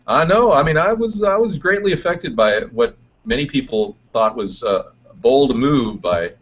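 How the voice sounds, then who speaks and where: A man hosting a live chat show, speechifying like a mock political candidate and swinging between booming lines and muttered asides. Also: breathy edge. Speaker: show host. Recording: dull lo-fi stream audio.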